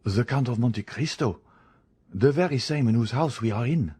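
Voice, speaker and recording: A man's voice: medium pitch, expressive, moderate pace, mellow, breathy edge. A man reading the part of a frightened, evasive escaped convict pleading with a priest in an audiobook.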